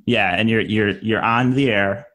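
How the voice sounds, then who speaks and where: A man's voice: on the low side, a little slow, fairly bright tone. Joking young podcast guy. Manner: joking, swearing, laughing often. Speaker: podcast co-host. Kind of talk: casual chat.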